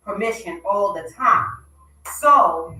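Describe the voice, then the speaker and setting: A woman's voice: medium pitch, fairly even intonation, normal speed, pushed and bright. A woman hosting a talk radio show, making upbeat, chatty announcements from a studio. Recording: roomy, distant mic.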